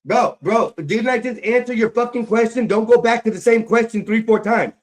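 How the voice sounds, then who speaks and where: A man's voice: extremely high pitch, normal speed. A man hosting a live stream panel, arguing angrily and defiantly, swearing a lot. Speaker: stream host. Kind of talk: heated argument on a live stream.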